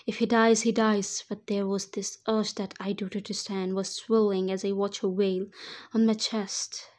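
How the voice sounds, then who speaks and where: A woman narrating a first-person fan fiction story in an even, unhurried reading. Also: medium pitch.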